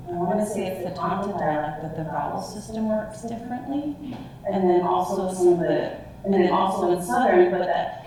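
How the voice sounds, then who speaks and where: A woman's voice: fairly low pitch, gravelly, mellow, a little hiss or hum. A woman presenter giving a reflective, personal account to a listening audience, often searching for words. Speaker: language team presenter. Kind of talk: public talk with audience questions. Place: museum talk room. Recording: echoey room, far from mic.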